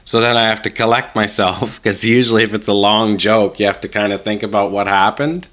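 A man's voice: on the low side, fairly even intonation, brisk, a bit bright. A man co-hosting a podcast, chatting casually and groaning in exasperation. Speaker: podcast co-host. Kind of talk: casual chat.

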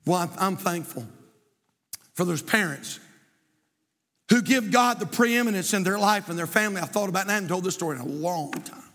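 A man preaching as a pastor, building to shouts and repeating his points. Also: high-pitched, normal speed, pauses often, big-room sound. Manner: impassioned preaching, often shouting, with repetition. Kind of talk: sermon. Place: church sanctuary.

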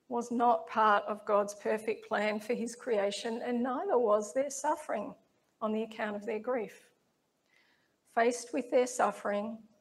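A woman delivers a sermon at an unhurried, deliberate pace, letting each line of scripture settle. Her fairly high voice carries a gravelly edge, and she sounds measured and reflective. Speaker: preacher.

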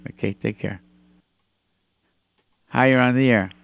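A man hosting a call-in radio show, chatting with callers and telling animated stories with lots of repetition. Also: mid-range voice, a little slow, creaky, dry recording. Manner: animated storyteller, repeats himself for emphasis. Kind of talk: call-in radio chat and storytelling.

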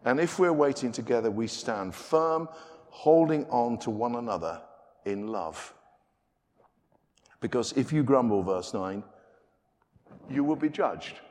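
British preacher in a reverberant church. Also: male voice, medium pitch, a little slow, long pauses. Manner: conversational, swings between loud emphasis and quiet asides. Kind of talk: sermon. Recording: long reverb of a church hall.

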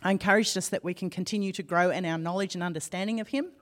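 An Australian woman preaching a sermon in a large church auditorium, measured and steady as she prays and teaches. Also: lowish voice. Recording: long church hall reverb.

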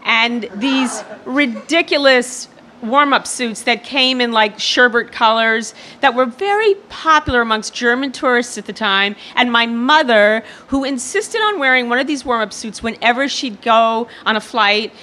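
Woman storyteller, slightly high and bright voice, self-mocking and foul-mouthed, faint hiss behind. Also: moderate pace. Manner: self-deprecating, profane. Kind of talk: comic true-story monologue.

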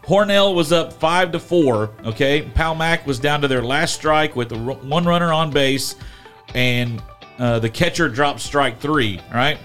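A man hosting a podcast in casual chat, telling stories with lively energy and acting out what people said. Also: a little high, a little slow, soft background music. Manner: animated storyteller, acts out quotes. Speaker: podcast host.

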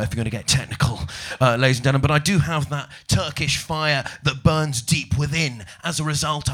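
Theatrical mock-posh stand-up comic. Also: male voice, fairly high pitch, bright, forceful tone. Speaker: stand-up comedian. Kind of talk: stand-up set.

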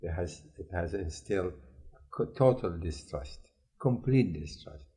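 A man's voice: low voice, lively intonation, measured pace, dark tone. A male interviewer in a news discussion, questioning in a skeptical, emphatic way.

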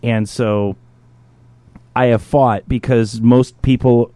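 Male podcast host, casual storyteller, swears a lot, mid-pitched, dry close sound. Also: slow pace, no echo. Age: adult, a parent. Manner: profane, animated, jumps into impressions of others.

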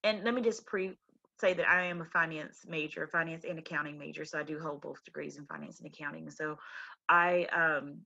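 Bright, husky woman telling lively stories. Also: deep voice, fairly quick, muffled recording. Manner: animated, slangy storytelling with impressions. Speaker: guest, commercial banker and author. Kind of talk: casual interview chat.

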